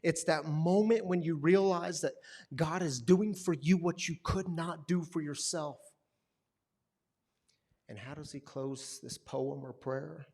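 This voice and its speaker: A man preaching a sermon as a pastor, telling stories with lively swings between hushed, quiet passages and loud, emphatic ones. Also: on the high side, takes it slowly.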